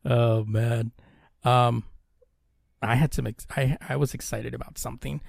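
A man's voice: mid-range voice, fairly even intonation, a little slow, creaky, dry recording, studio quality. A man co-hosting a casual podcast, laid-back, chuckling often and swearing casually. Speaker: podcast co-host.

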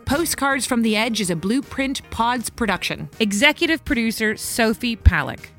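Brief: woman podcast host, higher-pitched, bright, giggly and self-deprecating. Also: lively intonation, moderate pace, soft background music. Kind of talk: casual chat and scripted outro.

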